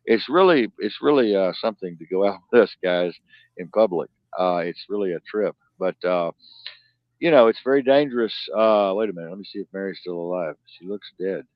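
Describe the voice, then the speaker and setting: A man hosting a live-stream news talk show, ranting in profane outbursts that swing from loud to low muttering. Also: fairly quick, no echo. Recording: dull lo-fi dry sound.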